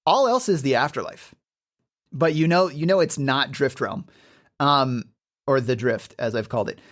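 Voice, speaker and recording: A game master narrating a tabletop game in a casual, animated way, with lots of filler words. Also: medium pitch, normal speed.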